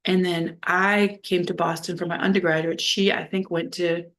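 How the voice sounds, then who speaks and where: A woman from New Orleans with a slightly low voice tells her own story straight to the camera. She rambles and leans on "like" constantly, and she swears bluntly when something matters to her. It sounds like unscripted vlog talk. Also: little pitch movement, moderate pace, a bit bright. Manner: rambling, heavy use of "like", blunt and profane. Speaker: vlogger. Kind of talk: candid personal storytelling.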